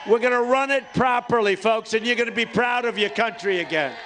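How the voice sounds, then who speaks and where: An older man giving a campaign rally speech to a large crowd, boastful and rambling, repeating himself and sometimes shouting. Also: extremely high pitch, a little fast, noisy background. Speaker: political candidate at a campaign rally. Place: large rally venue before a cheering crowd.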